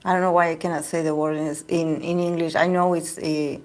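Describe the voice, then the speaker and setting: A woman whose first language is Spanish gives a casual tarot reading to camera, hesitant and often searching for words, with many fillers. Her voice is low and a little mellow, with little pitch movement, and she talks a little fast.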